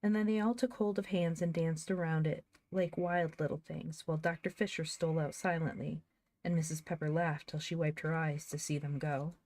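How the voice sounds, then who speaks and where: A woman narrating an audiobook of a children's classic in a lively, expressive reading. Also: deep voice, moderate pace. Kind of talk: scripted storybook reading.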